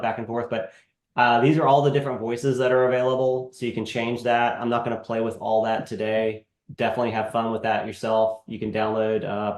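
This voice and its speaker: A man hosts a live webinar, walking through a software demo in a relaxed, halting way full of ums. His voice sits mid-range and rings in an echoey room. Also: mid-range voice. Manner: casual, halting, with frequent fillers. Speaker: webinar host.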